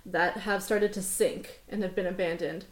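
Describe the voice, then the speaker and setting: A woman's voice: fairly low pitch, steady tone, moderate pace, reverberant. A woman narrating as game master of a tabletop game, casual and rambling with many fillers. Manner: casual, rambling, laughs often. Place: construction zone.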